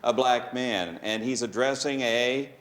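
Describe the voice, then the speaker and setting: A man's voice: mid-range voice, a little slow, a bit bright. Male teacher leading a class discussion. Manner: questioning, calls on students and restates answers. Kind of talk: classroom lesson.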